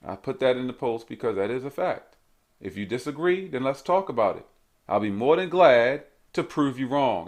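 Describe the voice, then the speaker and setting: A man's voice: mid-range voice, sing-song, moderate pace. A man hosting his own show, delivering a blunt, preachy ranting monologue full of repeated rhetorical questions. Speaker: host.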